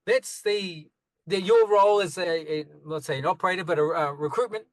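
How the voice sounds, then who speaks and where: A man hosting a podcast interview, chiming in often with encouraging backchannels and telling lively anecdotes. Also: sits high, a little fast, no echo, rough recording. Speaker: podcast host. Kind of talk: casual interview chat.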